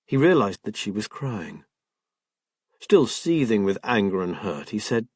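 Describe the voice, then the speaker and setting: Guy narrating an audiobook, measured, husky voice, dry sound. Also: on the low side, very animated, a little mellow, dry recording. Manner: measured storytelling. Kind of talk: scripted narration.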